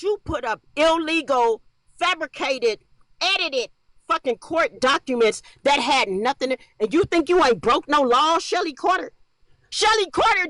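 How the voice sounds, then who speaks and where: An angry woman ranting on a livestream, profane, shouting and repeating herself. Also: sits high, no echo.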